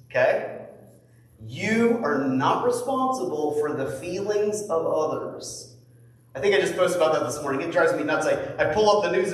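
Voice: medium pitch, very echoey, big-room sound, distant mic, rough recording. A pastor preaching a conversational sermon who acts out quoted voices with mock outrage.

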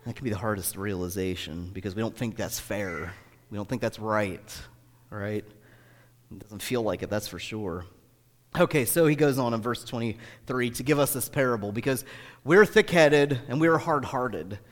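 A man preaching a sermon in a conversational style, swinging between booming emphasis and hushed, intimate asides. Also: moderate pace. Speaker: pastor. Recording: echoey hall.

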